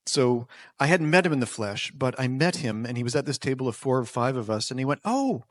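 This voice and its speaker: A man's voice: mid-range voice, fast, no room sound. A man telling a personal story on stage, wry and self-deprecating, with nervous restarts. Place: small performance venue.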